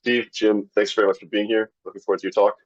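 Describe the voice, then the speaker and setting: A man's voice: on the low side, little pitch movement, fast, no room sound, dull audio. A man hosting a live online tech talk, introducing speakers and reading sponsor lists in an upbeat way. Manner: upbeat, reads sponsor lists, some restarts. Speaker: webinar host. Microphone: video call.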